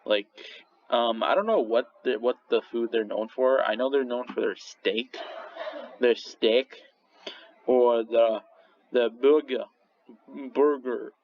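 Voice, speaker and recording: A young man casually ranks restaurants in a vlog monologue that rambles, swears, and keeps restarting. His voice is medium-pitched and slow. The recording is slightly dull and lo-fi, with faint noise.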